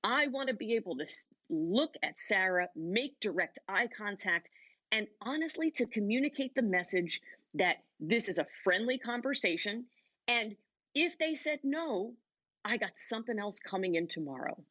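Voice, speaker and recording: A woman speaker coaching an audience on negotiation from a stage, in a motivational talk with punchy phrasing and deliberate pauses. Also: mid-range voice, animated, a bit bright, no echo.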